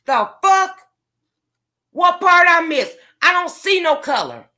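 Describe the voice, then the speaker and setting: A woman's voice: very high voice, big pitch swings, a little slow, sharp tone. A woman vlogger, delivering a profane, confrontational rant to her viewers. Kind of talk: angry rant to camera.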